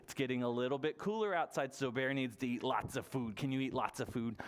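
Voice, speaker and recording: A man's voice: medium pitch, a little fast. A man leading a library toddler story time, talking in a playful, sing-song way and coaxing small children with questions.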